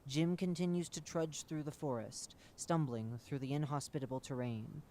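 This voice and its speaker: A man giving a measured, matter-of-fact scripted narration of a horror wiki entry. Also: fairly high pitch, a little mellow, slight background noise.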